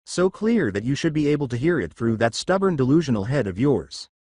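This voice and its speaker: A man's voice: medium pitch, sing-song, brisk, a little mellow, no echo. A man voicing a weary teenage boy who answers in a level, impartial tone that turns menacing.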